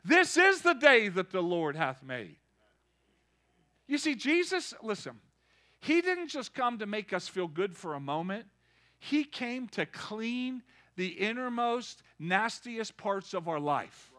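A man preaching a lively sermon, calling out to the congregation and building to shouts. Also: sits high, takes it slowly. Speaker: pastor.

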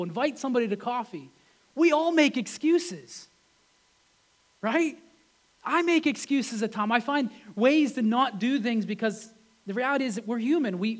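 High-voiced man preaching a conversational sermon. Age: adult with wife and kids. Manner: conversational, peppered with rhetorical questions. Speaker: pastor.

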